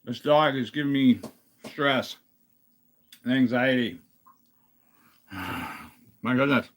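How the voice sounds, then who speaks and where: A man's voice: mid-range voice, slow. Chatty man on a kitchen live stream. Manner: chatty, thinks aloud while working in the kitchen. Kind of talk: casual live-stream chat. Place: home kitchen.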